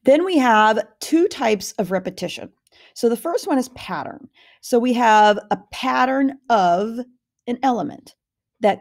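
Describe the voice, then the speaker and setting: A woman's voice: medium pitch, vocal fry, a little mellow. A woman art teacher lecturing over slides, explaining step by step with fillers and small self-corrections.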